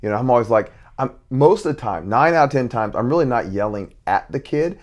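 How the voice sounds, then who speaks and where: A man's voice: mid-range voice, lively intonation, a little fast. A middle-aged man, a basketball coach and father, talking intensely in casual conversation with many restarts.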